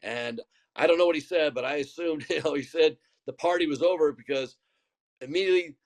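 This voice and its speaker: An older man, a former pitcher, telling a story in conversation, often repeating words and acting out bits of dialogue. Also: a little fast. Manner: rambling, repeats words, acts out quoted dialogue. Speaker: former baseball pitcher, guest.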